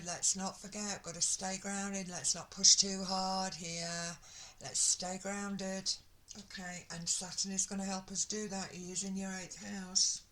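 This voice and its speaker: A woman talks her way through a tarot reading in an unhurried way, stopping often to gasp and gush over the cards. Her voice is bright and a little low-pitched. A faint hiss sits under the recording. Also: poor audio. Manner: excitable, gushing, full of exclamations. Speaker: tarot reader.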